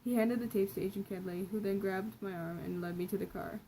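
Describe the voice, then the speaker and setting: A woman's voice: medium pitch, steady tone, brisk, warm tone, a little hiss or hum, rough recording. A young woman casually reading her own old story aloud, often correcting herself and commenting on the writing.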